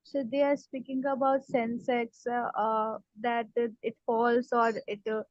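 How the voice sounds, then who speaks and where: A woman student with an Indian English accent, answering hesitantly with many pauses. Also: fairly high pitch, level tone, no echo, lo-fi sound.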